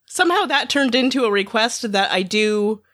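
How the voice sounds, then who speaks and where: A woman co-host joining the podcast banter with playful teasing. Her voice is bright and crisp with a lively, bouncing pitch, and it comes across dry and close to the mic. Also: moderate pace, no room sound. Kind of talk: casual chat.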